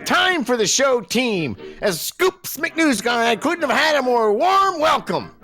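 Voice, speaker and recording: A man's voice: extremely high pitch, big pitch swings, unhurried, pushed and bright, faint music behind, exaggerated voice. A man playing a self-important male newsman from Prague, in a pompous old-timey news voice. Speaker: podcast co-host.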